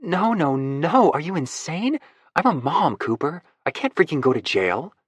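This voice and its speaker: Male narrator voicing a jittery young mother, higher pitched, excitable, close and dry. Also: a little slow, husky, no room sound, heavily acted. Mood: nervous. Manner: excitable, anxious. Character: nervous, playful young mother, a woman.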